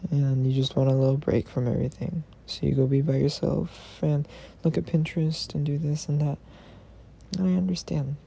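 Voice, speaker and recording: Gravelly young man, softly affectionate. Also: on the high side. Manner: tender, rambling, teasing, drops into soft whispers. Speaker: podcaster speaking to his girlfriend. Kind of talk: intimate personal voice message.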